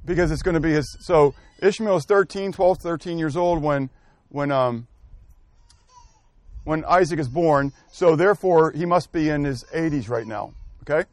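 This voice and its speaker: High-voiced man teaching a Bible class. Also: normal speed, no echo. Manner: asks the class questions and calls on people by name; thinks aloud and corrects himself. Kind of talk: interactive scripture lesson.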